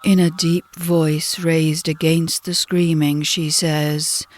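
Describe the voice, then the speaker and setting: A British woman reads her memoir aloud at an unhurried, deliberate pace. Her voice sits a little low. The storytelling is dramatic. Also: little pitch movement. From Britain. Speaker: narrator. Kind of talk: audiobook memoir narration.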